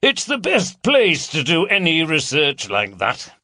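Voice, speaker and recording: A man voicing a brisk, matter-of-fact male police detective in a crime story. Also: a little high, huge pitch swings, pushed and bright, pitched above the performer's own voice, full character voice.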